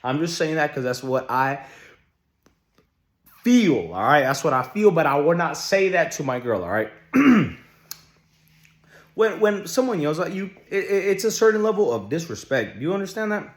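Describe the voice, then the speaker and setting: A young man vlogging casual relationship advice, blunt and full of swearing, who keeps asking his viewers rhetorical questions. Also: a little high. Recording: echoey room.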